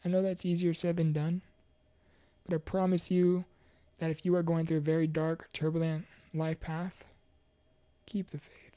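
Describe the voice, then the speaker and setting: Low mellow woman talking earnestly about her mental health journey, lots of um and you know, kind of preachy about faith. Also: no echo. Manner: earnest, heartfelt, halting with fillers and restarts; preachy, faith-focused encouragement. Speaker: motivational speaker. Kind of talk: personal mental health testimony.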